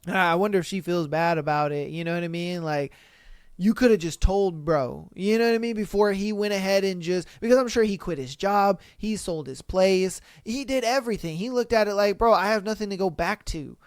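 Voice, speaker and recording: A man hosting a casual solo podcast, reading listener stories aloud with animated, incredulous, swearing commentary. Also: sits high, moderate pace, clean tone, no room sound, clean studio sound. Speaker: podcast host.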